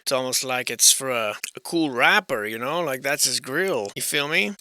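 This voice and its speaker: A man's voice: medium pitch, moderate pace, pushed and bright. A man giving casual, rambling commentary on old photographs of historic houses, sarcastic and irreverent, swearing freely and thinking aloud. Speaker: channel host.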